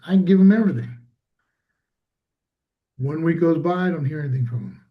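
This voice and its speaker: Animated man telling a business story. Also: a little high, normal speed, pauses often, muffled recording. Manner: animated storytelling, acts out quoted dialogue. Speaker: guest, business owner. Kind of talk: casual conversation.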